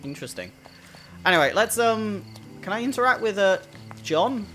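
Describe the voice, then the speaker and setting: A man's voice: sits high, expressive, moderate pace, sharp tone. A man chatting casually and jokily while playing a video game. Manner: chatty, jokey, self-amused. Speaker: gaming video host. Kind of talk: casual let's-play commentary. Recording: voice over in-game music.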